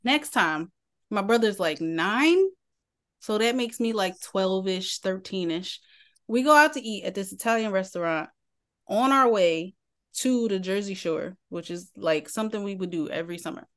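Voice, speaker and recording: A woman's voice: medium pitch, normal speed. A woman, a podcast co-host telling a family story in casual chat, laughing as she goes. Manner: animated storyteller, laughs mid-sentence.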